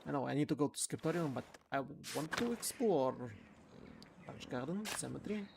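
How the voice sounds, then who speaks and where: A streamer playing a narrative game, reading its text aloud and thinking out loud in a halting, casual way. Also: mid-range voice, animated, vocal fry, background noise.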